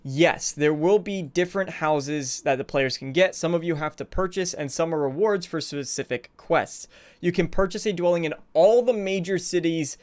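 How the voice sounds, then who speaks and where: A male streamer talking casually into a desk mic, a touch out of breath. His voice sits somewhat high for a man and comes through smooth and clear. He rambles warmly through greetings and setup. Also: normal speed. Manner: chatty, rambling, greets viewers by name. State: a little out of breath. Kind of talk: casual live stream chat.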